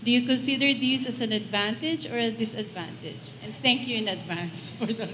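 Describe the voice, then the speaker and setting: A woman's voice: a little high, moderate pace, fairly bright tone. A woman moderating a panel, politely reading questions and inviting the floor. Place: large event hall. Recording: echoey hall, noise behind.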